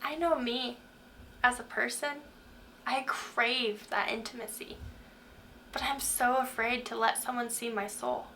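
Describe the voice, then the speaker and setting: Earnest bright-voiced woman giving devotional talk. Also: a little high, fairly even intonation, unhurried, gravelly, slight background noise. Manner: earnest, questioning, preacher-like. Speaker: faith talk host.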